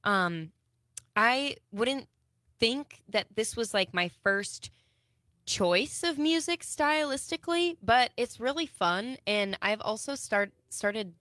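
A woman from Wisconsin, a singer-songwriter, chatting casually as a radio guest, with many ums and pauses. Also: fairly high pitch, expressive, fairly bright tone, no room sound, clean studio sound. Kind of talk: casual interview chat. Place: radio studio.

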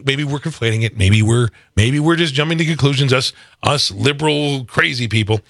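Sarcastic, gravelly political talk host. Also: male voice, medium pitch, normal speed, hardly any pauses, fairly bright tone, dry recording. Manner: sarcastic, repeats words when he restarts. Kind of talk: casual political chat.

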